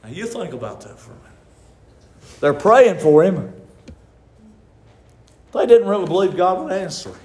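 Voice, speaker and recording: A man preaching a sermon, impassioned and rising to shouts. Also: high-pitched, very animated, measured pace, long pauses. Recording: echoey room.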